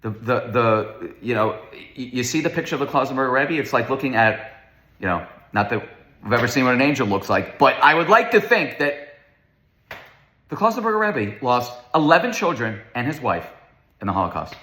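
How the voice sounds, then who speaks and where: Animated man lecturing in a roomy echo. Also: medium pitch, normal speed. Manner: emphatic, rhetorical questions, repeats words. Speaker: Torah teacher. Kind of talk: lecture on Torah themes.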